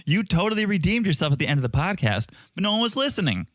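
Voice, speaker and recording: A man's voice: high voice, fast, no echo, studio quality. A man co-hosting a casual podcast chat, teasing his co-host and telling stories. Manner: teasing, animated storyteller.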